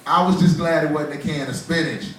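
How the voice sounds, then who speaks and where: A man's voice: a little high, brisk, crowd noise. A man in his forties doing a loose, conversational stand-up comedy set in a small bar, laughing at his own jokes. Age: 40s. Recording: roomy bar, voice from far off.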